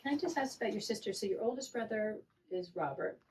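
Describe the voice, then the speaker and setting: A woman's voice: medium pitch, lively intonation, fast talker, a little mellow, a little hiss or hum. A woman asking brief prompting questions as an interviewer in an oral history recording. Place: public library. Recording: slightly distant mic.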